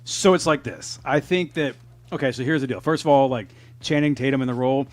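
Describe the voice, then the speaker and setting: A man's voice: medium pitch, fairly quick, dry recording. A man co-hosting a podcast, talking casually and profanely, laughing often. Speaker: podcast co-host. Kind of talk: casual chat.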